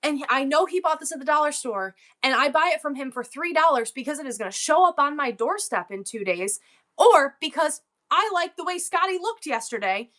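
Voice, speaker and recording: High bright-voiced worked-up woman. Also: animated, a little fast. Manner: worked-up, rambling, emotional. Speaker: livestream seller. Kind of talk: casual livestream chat.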